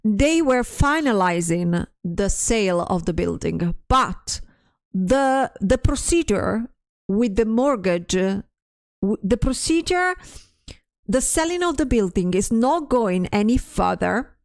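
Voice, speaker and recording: A woman's voice: medium pitch, lively intonation, slow. A stressed woman streamer in casual livestream chat, ranting, swearing often and restarting her sentences as she reads chat aloud.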